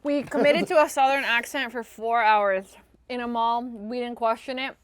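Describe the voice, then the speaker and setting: A woman hosting a podcast, chatting and telling stories in an animated, giggly way. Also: fairly high pitch, moderate pace, clean tone. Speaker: podcast host. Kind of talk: casual chat.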